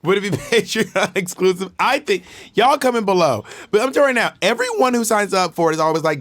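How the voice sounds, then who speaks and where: Brief: male podcast co-host, slightly high voice, campy, animated, stammers. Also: normal speed. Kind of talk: casual chat.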